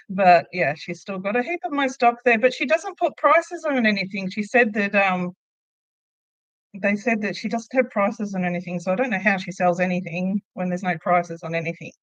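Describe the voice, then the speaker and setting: A woman's voice: medium pitch, moderate pace, fairly bright tone, no room sound, poor audio. A middle-aged woman hosting a casual crochet livestream from home. She chats easily, laughs often and answers viewer comments aloud as she works. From Australia. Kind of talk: casual live chat while crocheting.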